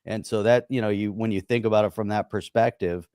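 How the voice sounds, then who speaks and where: A man's voice: on the low side, fairly even intonation, brisk, warm tone, smooth, no room sound. Dry-voiced rambling male co-host. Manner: rambling, emphatic, frequent "you know" fillers. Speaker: podcast co-host. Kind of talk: casual political chat.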